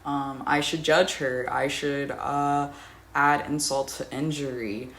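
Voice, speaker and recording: A woman's voice: low voice, slow, a bit bright. A young adult woman telling a rambling, profane story in a casual vlog, often laughing. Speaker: storyteller vlogger.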